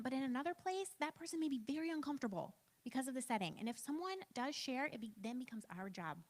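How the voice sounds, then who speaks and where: A fairly high, lively woman's voice in her thirties, talking casually through a church training. Her pitch leaps around as she jokes at her own expense and fills gaps with "like" and "um". She sounds like a pastor teaching a room, conversational rather than preachy. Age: 30s. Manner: chatty, self-deprecating, frequent "like" and "um".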